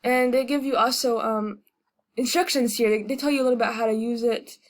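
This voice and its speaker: A woman with a slightly high voice talks through a casual video lesson in a relaxed way. She hesitates often, fills gaps with ums, and repeats sounds slowly as she demonstrates them. She is a native English speaker. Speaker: language tutorial host.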